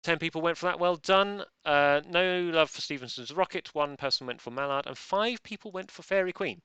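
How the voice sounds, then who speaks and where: A man's voice: fairly high pitch, brisk, sharp tone, clean tone, dry recording, highs cut off. A man hosting a live online quiz, joking drily and rambling. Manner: dry, rambling, self-deprecating jokes. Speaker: quiz host.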